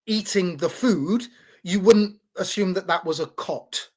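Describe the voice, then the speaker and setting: A man's voice: sits high, a little slow. A man in a casual talk, explaining in a teaching tone with many restarts and repeated words, checking in with "right?". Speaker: podcast host.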